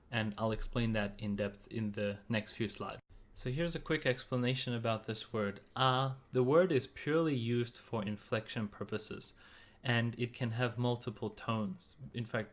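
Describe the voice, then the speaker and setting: A man narrating a slide-based language lesson in an explanatory manner, voicing example sounds in varied tones. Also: mid-range voice. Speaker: language teacher.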